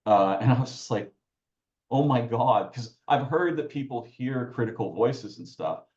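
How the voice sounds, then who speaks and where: A man's voice: medium pitch, animated, normal speed, darkish tone, roomy sound, highs cut off. A man talking as a podcast guest, reflective and searching, often restarting his phrases mid-thought. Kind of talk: reflective conversational talk.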